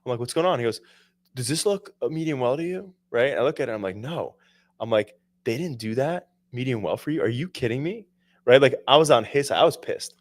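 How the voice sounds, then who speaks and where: A young man hosting a casual talk show, telling animated stories with casual swearing and a lot of "right?". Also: medium pitch, fairly quick, no room sound. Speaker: podcast host. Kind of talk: casual chat.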